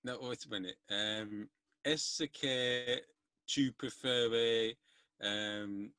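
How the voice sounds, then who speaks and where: A man hosting a podcast, asking questions in halting, hesitant French with many fillers. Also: mid-range voice, sharp tone, clear, resonant tone, no echo. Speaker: podcast host. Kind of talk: casual podcast chat.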